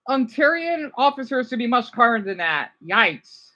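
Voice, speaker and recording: A man chatting casually on a live stream, reacting to viewer comments in a rambling, animated way. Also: extremely high pitch, normal speed, few pauses, rough recording. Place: home room, keeping voice down.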